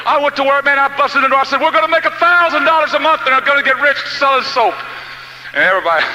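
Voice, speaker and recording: A middle-aged man telling stories in a folksy, animated speech, swinging from shouts to hushed lines. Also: very high voice, rapid-fire, noisy background. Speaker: motivational speaker. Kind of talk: storytelling speech.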